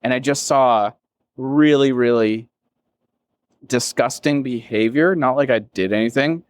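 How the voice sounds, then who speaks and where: A man's voice: mid-range voice, unhurried, clear, resonant tone. Man, interview guest, rambling, emotional, casual swearing, lots of fillers. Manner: rambling, many fillers and self-quotes. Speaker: interview guest, business founder. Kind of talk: candid reflective interview talk.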